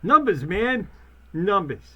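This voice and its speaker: A man co-hosting a casual podcast, loud and profane, breaking into jokey outbursts. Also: high voice, big pitch swings, slow, lo-fi sound. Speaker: podcast co-host. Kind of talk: casual banter.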